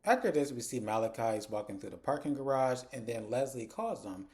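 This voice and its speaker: Man, TV recap vlogger, mellow tone, blunt casual chat to his viewers. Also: mid-range voice, expressive, fairly quick. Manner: chatty, blunt, addresses viewers as y'all. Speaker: TV episode reviewer.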